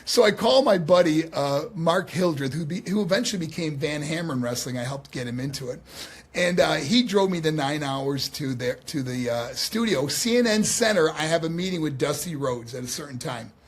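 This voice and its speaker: A man in his sixties from New York with a husky, fairly high voice. He tells his stories with animation, acts out the quotes and laughs along as he goes. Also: lively intonation, normal speed. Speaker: guest, former pro wrestler. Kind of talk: storytelling in a podcast conversation.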